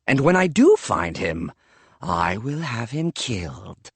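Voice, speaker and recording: A man reading an audiobook voices a harsh, blindfolded enemy commander who speaks slowly and coldly. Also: medium pitch, very animated, breathy edge, no room sound, heavily acted. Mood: menacing. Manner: cold, slow and threatening.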